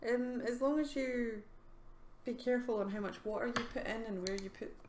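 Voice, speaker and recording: A woman's voice: a little high, moderate pace. A woman streaming live as an artist, chatting casually with viewers, giggling and filling with ums. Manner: chatty, giggly, answers chat questions with fillers. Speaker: art streamer. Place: home art studio. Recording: roomy home recording with faint ambience.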